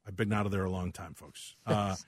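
A man hosting a casual talk show, telling animated, self-deprecating stories about his house. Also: deep voice, a little fast, no room sound, clean studio sound. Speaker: radio show host. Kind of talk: casual chat.

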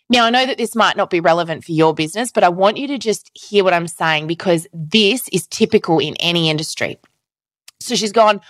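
A woman hosting a solo podcast, telling stories in an animated way and acting out the messages she quotes. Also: lowish voice, fairly quick, no room sound. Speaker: podcast host.

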